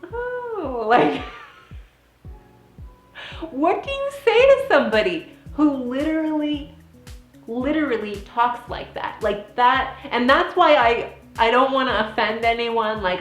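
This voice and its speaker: A woman in her thirties telling funny stories in a casual vlog, giggly and animated, with lots of "like" fillers. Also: on the high side. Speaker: vlogger and former theme park princess performer. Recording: echoey room with faint music.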